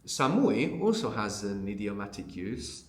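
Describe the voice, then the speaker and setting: A man's voice: fairly low pitch, very animated, measured pace, echoey room. A man teaching a language lesson, explaining patiently and conversationally, often checking in with a questioning "no?". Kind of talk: unscripted audio language lesson.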